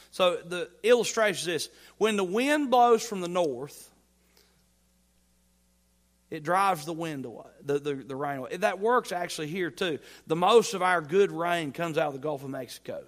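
A man preaching a sermon as pastor, folksy and playful, swinging between loud emphatic lines and quiet asides. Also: fairly high pitch, normal speed. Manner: folksy humor, playful mock dialogue.

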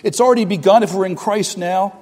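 A middle-aged pastor preaches with earnest conviction, repeating phrases and starting over, his volume rising and falling. His voice sits a little high. It rings out in a long-reverb hall. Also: brisk. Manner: earnest preaching with repetitions and restarts, swinging from loud to soft. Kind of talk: sermon.

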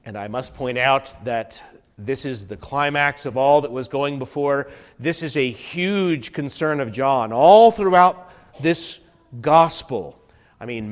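A pastor preaches an earnest sermon to his congregation, his pitch and volume swinging widely. The setting is a warm, crowded church hall, and the recording echoes with the hall's reverb.

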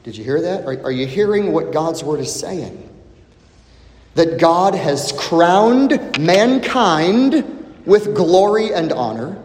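A man preaching a sermon, expressive and dramatic, repeating questions for emphasis with long pauses. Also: a little high. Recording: echoey hall with long reverb.

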